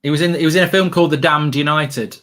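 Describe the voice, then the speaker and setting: A man's voice: fairly high pitch, steady tone, fast, a bit bright. A man hosting a casual football watchalong, chatty and jokey, rambling and reading out live chat comments. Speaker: host.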